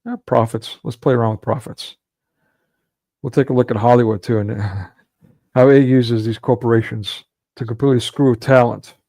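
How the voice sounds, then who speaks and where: A man's voice: mid-range voice, fairly even intonation, normal speed, warm tone, no room sound. A man delivering a ranting monologue commentary, sarcastic and scornful, breaking into mocking laughs.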